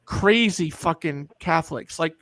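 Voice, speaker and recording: A woman's voice: deep voice, a little slow, no room sound. A middle-aged woman on a video call, telling an emotional personal story in a group chat and acting out the voices she quotes.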